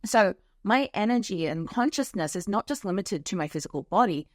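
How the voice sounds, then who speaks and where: A woman's voice: mid-range voice, animated, fairly quick, no room sound, clean studio sound. A woman hosting a podcast as a spiritual coach, talking frankly in a casual monologue with a lot of swearing and filler words. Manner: frank and profane, lots of "like" fillers. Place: home office.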